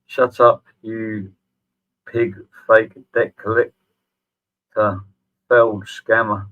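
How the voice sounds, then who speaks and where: A middle-aged man hosts his channel's sarcastic response video, sneering and swearing freely. His voice is fairly low and level, with a slow pace, and the audio is tinny like a phone.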